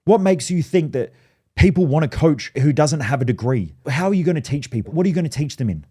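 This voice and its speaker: A man quoting his worried middle-aged mother in a higher, pleading voice while telling a story. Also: lively intonation, fast talker, warm tone, slightly rough. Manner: pleading, fretful.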